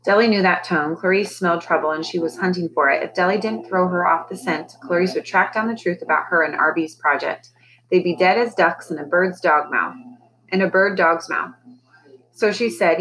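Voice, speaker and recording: A woman teacher reads a children's novel aloud to her class in a lowish voice, lifting it higher for the characters' lines. A faint hiss sits under the recording. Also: moderate pace, a bit bright, rough recording. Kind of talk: storybook read-aloud.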